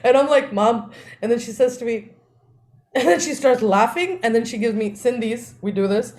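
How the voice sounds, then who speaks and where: A woman, co-hosting a podcast and telling family stories in a lively way, often laughing. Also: on the high side, normal speed. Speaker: podcast co-host. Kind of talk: casual storytelling.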